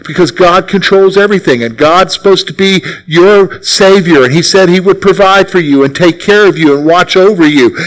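A man's voice: high voice, fairly bright tone, rough recording. A man preaching a sermon as pastor, emphatic and repeating his key phrases.

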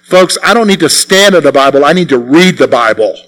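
An older man, a pastor delivering a sermon, earnest and repeating phrases for emphasis, moving between hushed and forceful delivery. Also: a little high, expressive, a little fast.

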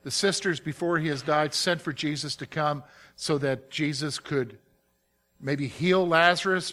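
A man's voice: a little high, sharp tone. A male preacher delivering a sermon in an emphatic way, often asking his listeners direct questions.

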